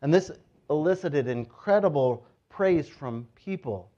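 A male pastor preaches with a fairly high voice, telling the story in an animated, conversational way. He often jumps into excited crowd voices as he tells it. The recording sounds a little dull and lo-fi. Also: measured pace. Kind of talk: sermon.

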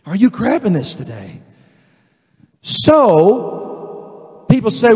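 A man preaching a fervent sermon, calling out to the congregation, repeating words and stretching key phrases slowly. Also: high voice, huge pitch swings, a little mellow. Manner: repeats words and restarts, drawn-out slow emphasis. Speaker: pastor. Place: large church sanctuary. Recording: long reverb of a large hall.

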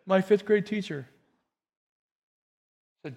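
A middle-aged pastor delivers a personal sermon built around stories, speaking conversationally at normal speed in a high-pitched voice. He shifts between loud, emphatic bursts and quiet, hushed asides.

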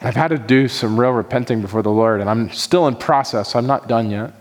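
Earnest pastor preaching in a reverberant hall. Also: male voice, mid-range voice, a little fast. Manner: earnest, pleading prayerful delivery. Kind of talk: sermon. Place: church sanctuary.

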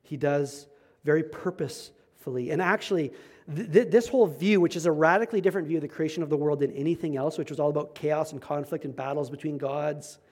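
Male pastor, relaxed sermon delivery, slightly high voice, punchy emphasis. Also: fast. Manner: conversational, emphatic, self-deprecating asides.

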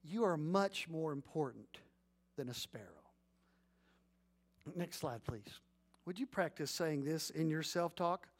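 A middle-aged pastor with a notably high male voice delivers an animated sermon. He acts out little scenes in storytelling bursts, then slows down to lead his congregation in reading aloud together. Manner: leads congregation in responsive reading.

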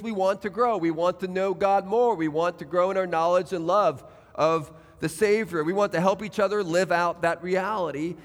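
High-voiced pastor preaching in a reverberant hall. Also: male voice. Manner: earnest, direct questions to the congregation. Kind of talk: sermon. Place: church sanctuary. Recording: church hall with long reverb.

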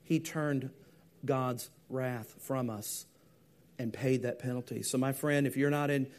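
A man preaching a sermon, telling a story and moving from hushed, slow lines to loud, emphatic ones. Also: medium pitch, fairly even intonation. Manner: dynamic, swings from hushed to emphatic.

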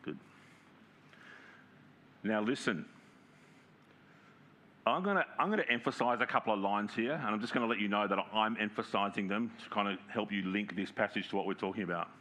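A man preaching a sermon in a conversational way, often checking in with the congregation and reading scripture aloud slowly with emphasis. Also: on the low side, sharp tone. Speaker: pastor.

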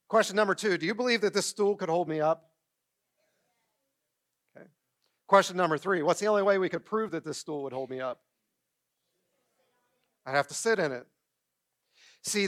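A middle-aged man preaching a sermon from a church stage, telling stories in a lively way, acting out quotes and asking his congregation questions. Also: sits high. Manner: storytelling, animated, acts out quotes and asks the congregation questions. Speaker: pastor.

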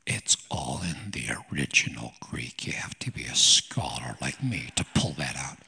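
Male preacher, husky and gravelly, emphatic sermon delivery with wry asides. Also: a bass voice, sing-song, measured pace, few pauses, pushed and bright, in a whisper.

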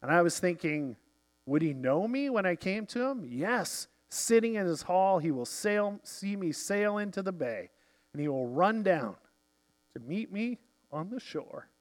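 A man's voice: high voice, lively intonation, unhurried. A man doing an earnest Viking with a lilt. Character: earnest, simple-hearted Viking man, devout.

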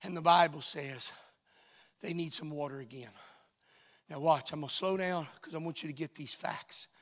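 A man preaching a sermon, swinging from shouted, sung-out lines to quiet asides. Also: a little high, normal speed. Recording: reverberant hall sound.

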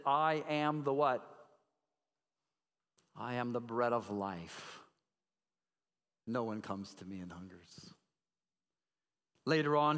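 A male pastor preaching a sermon, emphatic, swinging from loud declarations to hushed tones and putting questions to the congregation. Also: mid-range voice, clean tone. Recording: long reverb of a large hall.

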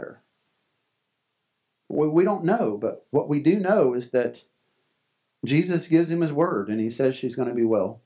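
Brief: male pastor, earnest and conversational sermon, voice on the higher side. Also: animated, moderate pace, long pauses. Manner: earnest, conversational, frequent restarts and soft laughs.

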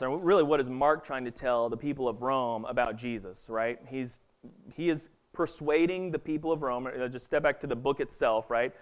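A man's voice: fairly high pitch, fairly even intonation, moderate pace. A man giving a casual, conversational sermon, often checking in with the listeners with "right?". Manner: conversational, filler-heavy, keeps asking "right?". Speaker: pastor.

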